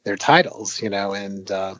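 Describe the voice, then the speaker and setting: An older man, a game designer, talking casually in an interview, rambling with lots of fillers and animated retellings. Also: on the low side, measured pace, dry recording, muffled recording. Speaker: veteran arcade game designer, guest.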